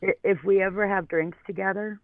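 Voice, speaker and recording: A man's voice: high-pitched, steady tone, fairly quick, no room sound. A male co-host with a slight Southern accent, chatting casually and easygoing, laughing often. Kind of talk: casual chat. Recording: tinny phone line.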